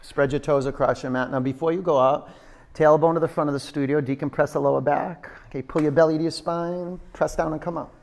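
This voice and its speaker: A man's voice: fairly high pitch, steady tone, brisk. A man teaching a yoga class in a studio, counting down holds and coaxing students in a playful, encouraging way. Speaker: yoga instructor.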